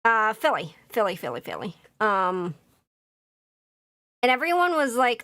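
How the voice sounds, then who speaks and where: A woman's voice: a little high, very animated, unhurried, long pauses, sharp tone. Chatty woman with a Philadelphia accent. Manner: rambling and chatty, many fillers and self-restarts. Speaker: VTuber streamer. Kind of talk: casual chat while building a model kit. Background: faint background music.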